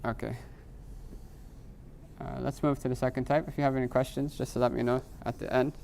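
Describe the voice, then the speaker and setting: A man's voice: mid-range voice, level tone, a little fast, gravelly, darkish tone, slight background noise. A middle-aged man teaching Arabic grammar in a live class. He explains patiently, moves between English and Arabic terms, and keeps checking in with "right?".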